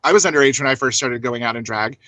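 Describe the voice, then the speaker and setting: A man's voice: medium pitch, fast talker, sharp tone, no room sound, poor audio. A man speaking as a guest drag performer on a video call, encouraging and rambling, with many restarts. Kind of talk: casual chat.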